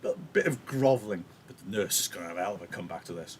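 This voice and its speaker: Animated Welsh teacher explaining a play. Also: male voice, low-pitched, rapid-fire, hardly any pauses, breathy edge. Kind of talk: live reading with analysis.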